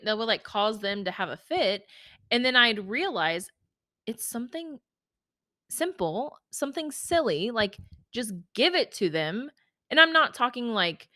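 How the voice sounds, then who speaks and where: A woman's voice: mid-range voice, lively intonation, normal speed, bright, forceful tone, dry recording, studio quality. A woman hosting a podcast, talking casually and emotionally about her own life in a chatty way, full of "like" and "y'all". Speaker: podcast host. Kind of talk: casual personal monologue.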